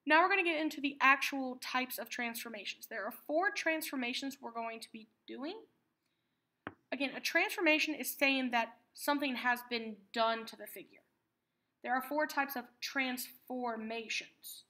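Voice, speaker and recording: A woman teaching a math lesson, patiently explaining terms and repeating key words slowly. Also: high voice, pushed and bright.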